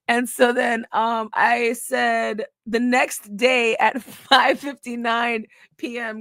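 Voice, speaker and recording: A woman's voice: on the high side, level tone, unhurried, hardly any pauses, fairly bright tone, no room sound, studio quality. A woman vlogger telling a story in casual talk, reading old messages aloud in a blunt, profane, scornful way.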